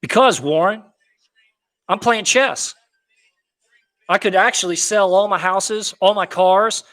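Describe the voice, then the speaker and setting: A man's voice: sits high, slow pace, fairly bright tone. A man hosting a casual livestream, hyped and boastful, talking in slang and answering viewer comments.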